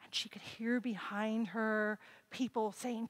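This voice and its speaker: A woman telling a legend to children during a church service, expressive and inviting them to join in. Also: on the high side, slow, rough recording. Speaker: children's sermon storyteller. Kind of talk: telling a story to children in worship. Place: church sanctuary.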